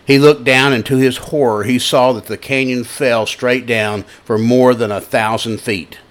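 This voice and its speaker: A man's voice: mid-range voice, steady tone, measured pace. A male pastor giving a broadcast sermon, with conversational, folksy storytelling and scripture reading.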